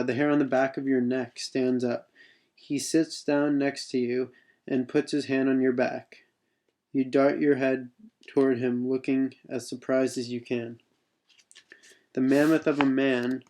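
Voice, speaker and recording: A man's voice: medium pitch, flat delivery, slow pace, a little mellow. A man reading his own second-person adventure text aloud, unpolished, with spoken asides.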